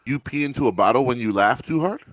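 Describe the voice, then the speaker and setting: A man's voice: medium pitch, lively intonation, fast, fairly bright tone, no echo. Stammering storyteller man, dry close sound. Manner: storytelling, acts out quotes, frequent stammered restarts. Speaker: guest author. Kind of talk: casual podcast chat.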